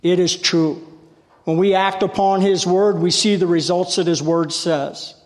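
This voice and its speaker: Preaching with homey warmth and stories, this lay preacher presses his congregation to respond, his voice ringing a touch high through a long, echoing hall. He keeps a steady tone and a slightly slow pace, but grows loud in shouting bursts when the spirit moves him.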